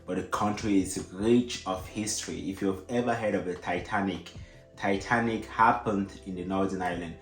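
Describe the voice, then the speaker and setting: A man's voice: deep voice, steady tone, moderate pace, roomy sound, soft background music. A man with an African accent, explaining things to viewers in a casual, repetitive way with frequent fillers. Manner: casual, repeats himself, many fillers. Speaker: vlogger.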